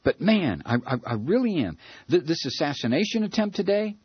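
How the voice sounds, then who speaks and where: A man's voice: fairly high pitch, sing-song, a little fast, husky, no echo, lo-fi sound. A man hosting a radio talk show, ranting in a furious political monologue, stammering and repeating words.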